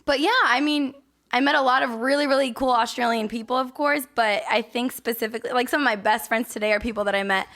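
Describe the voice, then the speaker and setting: A woman in her twenties, a podcast guest chatting casually in a lively way, laughing often and using many fillers. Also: on the high side, fast. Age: 20s. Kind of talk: casual chat. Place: living room with a live audience.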